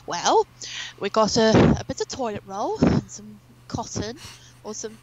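A woman's voice: a little high, big pitch swings, moderate pace, muffled recording. Chatty young woman telling long stories. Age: young adult. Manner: rambling, chatty storytelling with many fillers. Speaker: interview guest. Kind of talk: casual chat.

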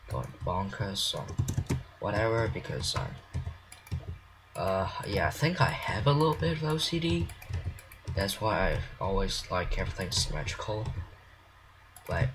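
A man's voice: sits low, low-quality recording. A man rambling self-consciously in casual commentary while he builds in a game. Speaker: game creator. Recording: clear mouse clicks and typing.

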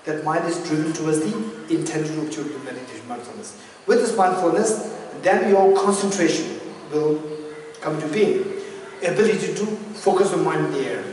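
A man's voice: on the high side, moderate pace, a little mellow. Man teaching dharma in an echoey hall. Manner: repeats key phrases while explaining. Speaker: Buddhist teacher. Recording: echoey hall, distant mic, faint noise.

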